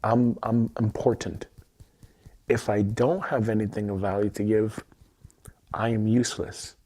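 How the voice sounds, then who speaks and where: Intense low-voiced man tapping through emotions. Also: steady tone, measured pace, darkish tone. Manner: intense, repetitive affirmations, swearing. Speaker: self-help livestreamer. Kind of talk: emotional EFT tapping livestream.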